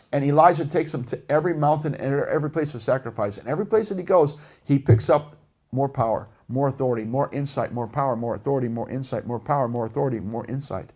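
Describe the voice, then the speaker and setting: A middle-aged man preaching a sermon with passion, dropping to a hush and then rising to shouts. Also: a little high. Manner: impassioned preaching, swinging between hushed and shouted.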